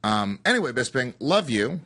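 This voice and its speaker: A man's voice: mid-range voice, very animated, normal speed, bright, forceful tone. A man co-hosting a podcast in loose, teasing casual chat with many fillers. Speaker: podcast co-host.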